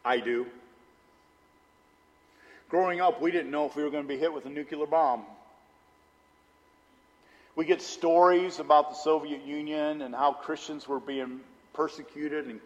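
Preaching with long hall reverb around him, a middle-aged pastor tells personal stories as though chatting with the congregation. For emphasis, he sinks into a low, intense register.

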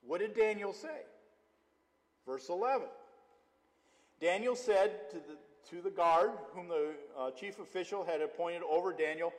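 A man's voice: sits high, unhurried. A male pastor preaching a conversational sermon, mixing scripture with personal stories. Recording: long hall reverb.

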